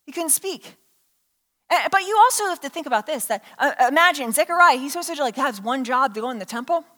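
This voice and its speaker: A woman preacher giving an animated sermon, telling a story and asking the congregation questions. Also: sits high, fast talker. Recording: hall reverb.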